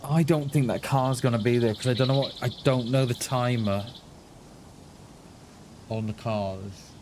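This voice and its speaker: A man's voice: medium pitch, measured pace, noisy background. A man chatting casually while live-streaming a survival game, thinking aloud with lots of restarts and little chuckles.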